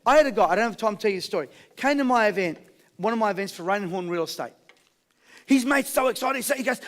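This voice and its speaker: A man with an Australian accent giving a high-energy motivational seminar, rallying a live audience with questions and call-and-response. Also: expressive, fast talker, a bit bright. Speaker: motivational speaker.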